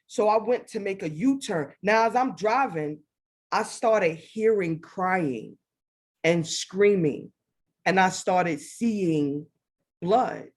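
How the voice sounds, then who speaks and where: Woman, guest, faith testimony, animated storytelling, middle pitch. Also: husky. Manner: animated storytelling, acts out her own past words.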